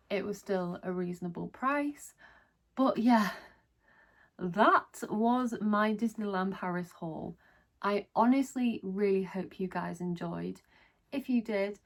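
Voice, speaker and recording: Slow, gushing woman vlogger. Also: mid-range voice. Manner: gushing, enthusiastic. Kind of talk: casual haul video chat.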